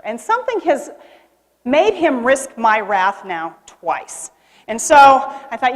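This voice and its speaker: A woman's voice: a little high, a little slow. A middle-aged woman giving a keynote speech, telling a story dramatically and acting out the lines of the people in it. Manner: animated, dramatic storytelling with acted quotes. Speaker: keynote speaker. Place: convention hall. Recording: reverberant hall.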